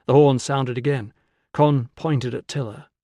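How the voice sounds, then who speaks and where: A man's voice: mid-range voice, steady tone, a little slow, mellow, dry recording. Man narrating an audiobook, dry sound. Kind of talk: scripted narration. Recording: dry close studio sound.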